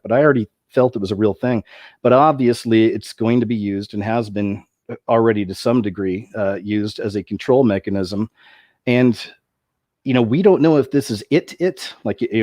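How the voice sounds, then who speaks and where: A man's voice: mid-range voice, dark tone, no room sound, highs cut off. A man hosting a commentary video, talking in a rambling way with many restarts and asides.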